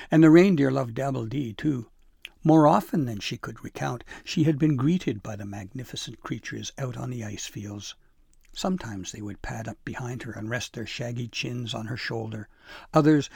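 Creaky-voiced man reading a storybook. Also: medium pitch, mellow, dry recording, clean studio sound. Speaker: narrator.

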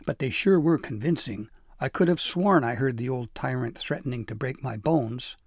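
A man's voice: medium pitch, normal speed, no room sound, studio quality, natural voice. A man voicing an anxious, pleading young male elf in a storybook reading, talking in a nervous rush. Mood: earnest.

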